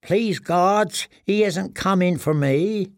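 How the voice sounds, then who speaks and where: Reek, a squeaky broken prisoner. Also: male voice, steady tone, extremely slow, a little mellow, dry recording, studio quality, full character voice. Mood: begging, terrified. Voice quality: thin, weak, squeaking voice. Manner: whimpering, pleading, stammering. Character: starved, broken male prisoner, cringing and terrified.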